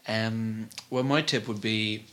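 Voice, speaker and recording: A young adult man, trading dry, deadpan quips as a podcast co-host. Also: on the low side, slow pace, low-quality recording. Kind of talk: casual comedic chat.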